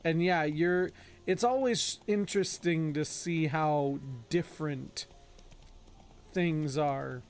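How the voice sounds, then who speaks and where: A man's voice: fairly high pitch, slow. Joking man streaming a game. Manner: joking, scolds his game horse. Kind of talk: casual gameplay commentary.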